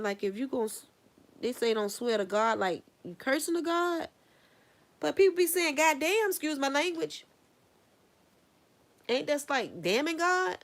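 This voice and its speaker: A woman streaming live as she paints, chatting casually, rambling through her thoughts and asking viewers questions. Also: fairly high pitch. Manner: rambling, musing aloud, laughs at her own thoughts; talks straight to viewers, asking them questions. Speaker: artist live streaming while painting earrings. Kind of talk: casual livestream chat.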